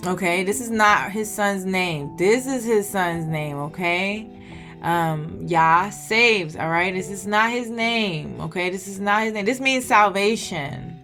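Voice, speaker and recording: A woman's voice: medium pitch, slow, fairly bright tone, faint music behind. A woman vlogger giving a preachy bible study talk, often checking in with "okay?". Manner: preachy, keeps asking "okay?".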